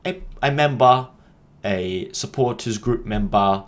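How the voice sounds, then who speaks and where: Young male podcaster, lowish voice, casual heated rant, rambling and swearing. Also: takes it slowly. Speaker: football podcast host. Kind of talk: casual opinion monologue.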